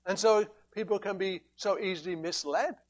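A man with a high voice preaches a sermon. He is emphatic and steady, often asking rhetorical questions and quoting scripture as he explains his point. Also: moderate pace.

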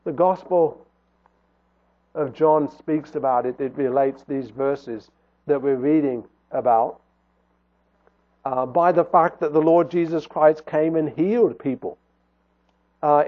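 Man preaching, high voice, earnest sermon, tinny phone-like sound. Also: slow pace. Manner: earnest, rising and falling emphasis.

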